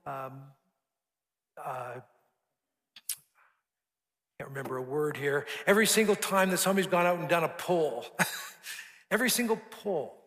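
A man's voice: a little high, pushed and bright. A man preaching a sermon, telling a story earnestly and building emphasis through repeated phrases. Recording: long hall reverb.

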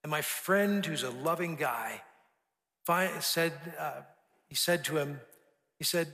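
A man's voice: a little high, slow pace, pauses often, pushed and bright. A man preaching a sermon, telling a story earnestly and building emphasis through repeated phrases. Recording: long hall reverb.

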